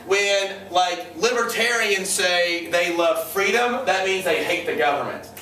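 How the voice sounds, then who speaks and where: A man's voice: high voice, expressive, measured pace, bright, forceful tone, slight background noise. A male history teacher lecturing a class, joking and sarcastic, often quizzing his students. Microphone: far room mic. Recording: echoey classroom from far off.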